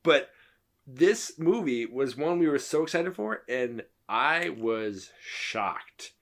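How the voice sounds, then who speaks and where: Speaking slowly in an animated, medium-pitched voice with a somewhat bright tone, this thirty-something podcast co-host shares a casual story in a movie-review conversation, performing the quoted lines.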